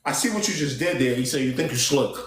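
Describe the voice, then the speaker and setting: A man's voice: mid-range voice, lively intonation, quick pace, echoey room. A young man hosting a casual live stream, playfully exasperated as he banters with his panel. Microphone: computer mic at a desk.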